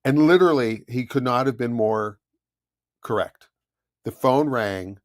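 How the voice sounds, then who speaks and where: A middle-aged man co-hosts a car chat show and tells salesroom stories in a joking, easy way. His voice sits at a medium pitch. The sound is close and dry, with no room around it. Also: a little slow, dry recording. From Southern California. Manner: storytelling, joking salesman banter. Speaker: co-host of a car talk stream. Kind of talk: casual chat.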